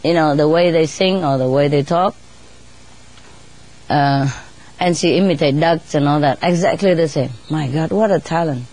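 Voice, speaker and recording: A woman chatting casually in non-native English, laughing often and sometimes mimicking birds in a squeaky voice. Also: normal speed, a little mellow. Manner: laughs often between phrases; imitates birds in high squeaky voice. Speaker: bird keeper telling stories. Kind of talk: casual storytelling.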